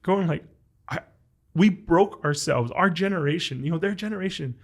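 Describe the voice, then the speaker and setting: Talking straight to his guest with warmth, a US podcast host shares an emotional family story in a heartfelt interview, leaning heavily on "like" as a filler. He has a fairly high pitch and speaks at normal speed.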